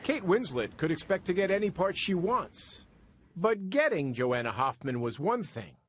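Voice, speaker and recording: A man's voice: high voice, very animated, normal speed, a bit bright, no room sound, studio quality. A man narrating a news feature and interviewing a guest as correspondent, polished and wry.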